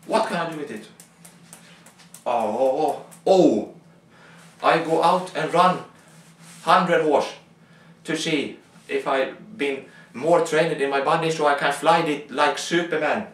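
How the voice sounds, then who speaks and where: A young man doing an improvised comic monologue, rambling and exclaiming to himself in halting English. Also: a little high. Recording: roomy, from far off the mic.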